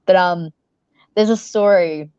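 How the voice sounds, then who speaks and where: A woman's voice: on the low side, slow, a little mellow, clear, resonant tone, no echo, muffled recording. Laughing young Australian woman telling stories. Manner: laughs often, swears casually, rambling storytelling. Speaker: professional wrestler, interview guest. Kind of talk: casual interview chat.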